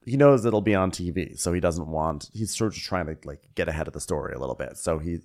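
A man with a lowish voice that still moves up and down a lot. He recaps a reality show as a comedy podcast co-host, trailing into dry, rambling jokes. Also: animated, fast talker, darkish tone.

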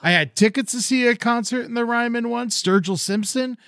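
A man's voice: very high voice, brisk, a bit bright, clean tone, no echo, clean studio sound. A man co-hosting a podcast, telling rambling stories in casual chat. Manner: rambling, meandering storyteller. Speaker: podcast co-host.

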